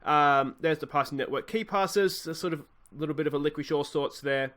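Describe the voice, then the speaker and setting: Australian man, gaming commentary, slightly high voice, chatty, talks to himself. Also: fairly quick. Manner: chatty, muttering asides, bursts of excitement at goals. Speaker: gaming YouTuber. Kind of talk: let's play commentary.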